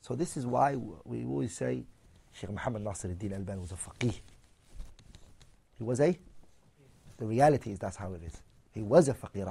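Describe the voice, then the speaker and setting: A man's voice: medium pitch, vocal fry, mellow, husky. A man giving a religious lesson, taking points one by one, reading them out and explaining them, often asking his listeners questions. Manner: switches between English and Arabic readings. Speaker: Islamic teacher.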